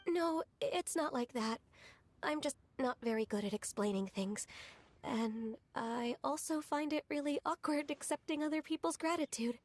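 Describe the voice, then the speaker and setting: An actress playing a gentle, shy young woman who speaks softly and hesitantly, with little pauses. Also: high voice, natural voice. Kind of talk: game voice acting.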